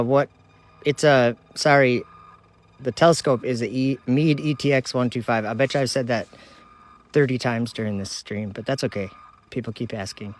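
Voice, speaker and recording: A man from Minnesota hosting a casual live stream outdoors at night, chatting with viewers, reading their comments aloud and laughing easily, recorded on a phone. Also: mid-range voice. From United States (Minnesota). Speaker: livestream host.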